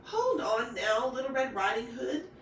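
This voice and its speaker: A plainspoken, folksy young woodswoman, as a narrator puts her on, calm and drawling. Her voice sits fairly high with a lively lilt, and it sounds off-mic in an echoey room. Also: a little slow, distant mic, slight background noise.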